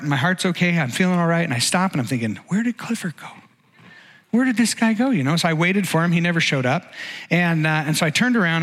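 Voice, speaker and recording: A middle-aged man preaches a message in a casual, storytelling way, his voice sitting a little high for a man. He often stumbles and restarts mid-sentence. His words ring with the long reverb of a big hall. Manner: conversational, animated storytelling with frequent restarts. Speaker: pastor giving a message. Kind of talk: sermon storytelling.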